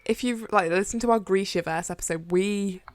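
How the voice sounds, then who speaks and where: A woman co-hosting a podcast in casual chat, animated and emphatic with quick restarts and mock outrage. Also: medium pitch. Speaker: podcast co-host.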